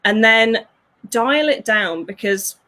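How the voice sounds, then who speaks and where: A woman, working as a fulfillment coach, talks through ideas in an animated way, laughing often and acting out voices. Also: a little high, slow. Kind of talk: conversational interview.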